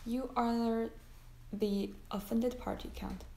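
Lady doing a loyal young soldier, pleading, warm low voice with some fry. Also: fairly even intonation, takes it slowly, roomy sound, a little hiss or hum. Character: earnest young male soldier, loyal and anxious.

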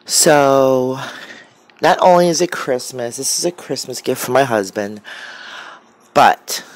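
A woman's voice: a bass voice, animated, slow pace, no echo. A woman in her forties chatting casually and rambling a bit, with lots of fillers, as she shows her craft materials. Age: 40s. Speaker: crafter vlogger. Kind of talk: casual chat while showing art materials.

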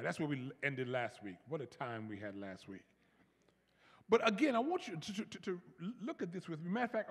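Bishop preaching, high gravelly voice, big hall echo, leads the crowd in repeat-after-me. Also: male voice. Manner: animated preaching, repeats words, leads congregation call-and-response. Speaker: pastor. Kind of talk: sermon. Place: large church.

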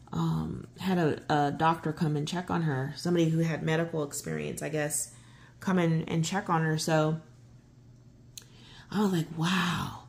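A middle-aged woman telling a travel story while she colors, rambling with lots of fillers and restarts, and getting excitable. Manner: excitable, voice jumps high when giddy. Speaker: coloring channel host. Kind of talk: casual chat while coloring.

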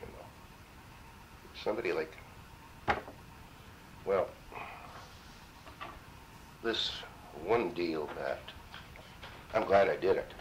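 A man's voice: low-pitched, takes it slowly, long pauses, background noise. A man in his seventies from Minnesota, a war veteran telling his story in an oral history interview, salty and full of cursing. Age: 70s. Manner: salty, profane, animated storyteller.

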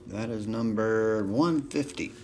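A man runs a live card break, calling out pulls and bantering with his viewers in a relaxed, joking way. He speaks slowly in a fairly low voice, over the loud crinkle of card wrappers.

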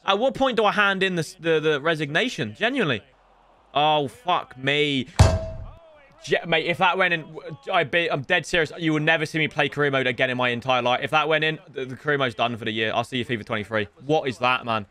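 A young man commentating his own football video game to viewers, sweary and excitable. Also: on the high side, a little fast. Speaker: gaming streamer. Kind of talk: live gameplay commentary.

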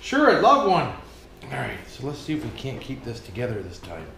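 A man's voice: medium pitch, wildly swooping pitch, a little fast, gravelly, bright, forceful tone, a little hiss or hum. A Canadian man vlogging casually as he works, joking and swearing and talking to his viewers as "boys". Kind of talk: casual vlog while working. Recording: echoey room.

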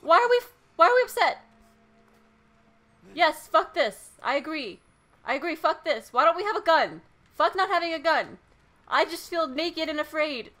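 A woman playing a horror game and reacting out loud, frightened, swearing, gasping and laughing nervously. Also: high voice, big pitch swings, normal speed, pauses often. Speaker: let's play gamer.

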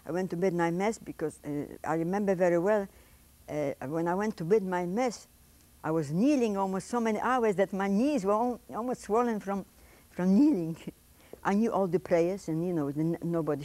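An older woman with a recounts her past in an interview, in broken but fluent English. Her voice is soft and mellow. It is recorded close and dry, with no room sound. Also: fairly low pitch, no room sound. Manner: emotional storytelling, reenacts her own pleas; non-native English grammar. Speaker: interviewee, Holocaust survivor. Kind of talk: oral history testimony. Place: indoors, interview setting.

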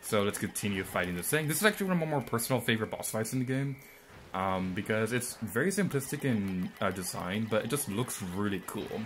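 A man's voice: lowish voice, animated, fairly quick, slight background noise. A young man giving rambling, mildly sarcastic let's-play commentary, full of ums and asides. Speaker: gameplay commentator.

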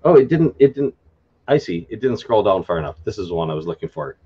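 A man hosting an unscripted live stream, explaining word endings in a halting way with many fillers and restarts, often spelling words out letter by letter. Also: deep voice, big pitch swings, breathy edge, dull audio. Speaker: live stream host explaining a constructed language.

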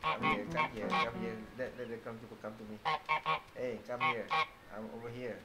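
A man's voice: mid-range voice, brisk. A man, a father playing a video game with his daughter, talking playfully and thinking aloud with many repeats. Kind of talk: casual gameplay chat. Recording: roomy echo, loud game music behind.

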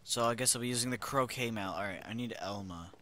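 Young male gamer, playful commentary, very bright tone, sudden loud bursts. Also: mid-range voice, fast talker, a little hiss or hum. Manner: goofy, jumps from mutters to loud outbursts. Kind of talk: let's play commentary.

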